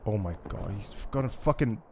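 A man's voice: lowish voice, animated, moderate pace, slight background noise. A man giving let's play commentary on a stealth shooter game, frustrated and swearing at it, with chatty asides. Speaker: gaming YouTuber.

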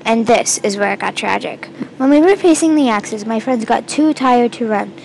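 A woman reading her own first-person fantasy story aloud in an amateur, halting way, with restarts and stumbles. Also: a little high, vocal fry, darkish tone, slight background noise, low-quality recording. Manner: first-person storytelling with quoted lines read in the same voice.

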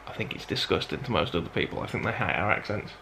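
A man's voice: low voice, fast, creaky, background noise. A man with a Black Country accent chatting casually to camera in a vlog, rambling and self-deprecating. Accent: Black Country (Dudley). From Black Country, England. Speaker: vlogger.

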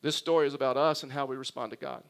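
A man, a pastor, preaching a sermon in a conversational way that turns emphatic and animated. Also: medium pitch, racing, gravelly.

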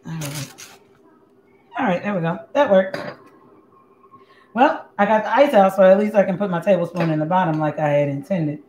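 A woman's voice: lowish voice, lively intonation, moderate pace, pauses often, darkish tone. Sassy woman chatting in kitchen. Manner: blunt, sassy, chatty, talks to viewers. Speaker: cooking show host. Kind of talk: casual livestream cooking chat. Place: home kitchen. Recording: echoey room with faint background noise.

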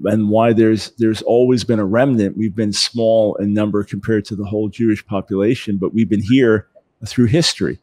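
Animated man in a conversational interview. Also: on the low side. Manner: animated, repeats words as he builds a point. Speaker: interview guest.

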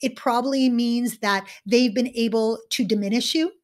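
Woman speaker, higher register, animated storyteller who drops to a hush for effect. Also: moderate pace. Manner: animated, dramatic, swings between loud and hushed. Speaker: guest, author and keynote speaker. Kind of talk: storytelling in an interview.

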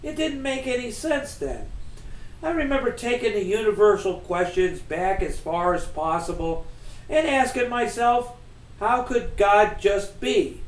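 A man's voice: high voice, a little slow. A man voicing the humble, reflective ghost of a baseball star, in an echoey room. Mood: earnest.

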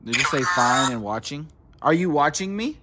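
A man exploring an abandoned house, asking spirits short questions in a ghost-hunting session and reacting in hushed tones. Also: on the high side, animated, moderate pace, heavy background noise. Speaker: paranormal explorer vlogger. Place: outdoors at an abandoned house, on a porch.

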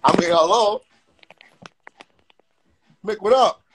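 A man hosting a live stream in loud, slangy, animated banter. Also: high voice, slow, husky, soft background music, poor audio. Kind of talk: casual live-stream chat.

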